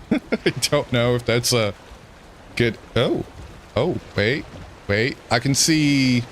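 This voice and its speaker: Slow-talking man narrating his gameplay. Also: medium pitch, expressive, a bit bright, a little hiss or hum. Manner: rambling, self-mocking, chuckles often. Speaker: streamer. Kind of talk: gameplay commentary.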